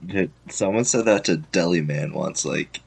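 A man's voice: low voice, normal speed, gravelly, husky. A young man in casual podcast chat, making dry, teasing remarks.

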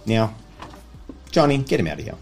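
A man voicing a sinister male crime boss who talks in a soft, low, coaxing way in a tabletop game. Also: very animated, a little fast, music in the background. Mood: smug.

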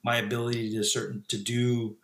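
A man in his thirties talks casually as a podcast guest. He reflects out loud, restarting phrases and leaning on fillers. His mid-range voice sits in a noticeably echoey room. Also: medium pitch, flat delivery, fairly quick. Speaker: podcast guest, former pastor. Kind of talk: casual conversational interview.

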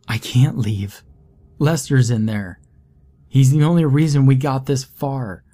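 A man's voice: mid-range voice, measured pace, mellow, voice pushed up, close to an everyday voice. A man voicing an earnest, tearful teenage boy in a horror story reading. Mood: determined, tearful. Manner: earnest, emotional.

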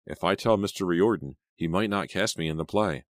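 A man voicing a frightened, quick-tempered teenage girl in an audiobook, his voice raised and emphatic. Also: no echo, close to an everyday voice. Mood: earnest. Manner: raised pitch, emphatic outbursts.

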